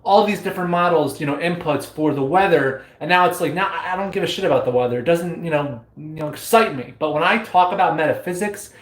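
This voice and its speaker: A man with a somewhat high voice chats on a casual spiritual live stream, playful and giddy, with loud whoops and bursts of laughter. His voice rings in an echoey room, picked up by a webcam or phone mic. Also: fairly quick, hardly any pauses.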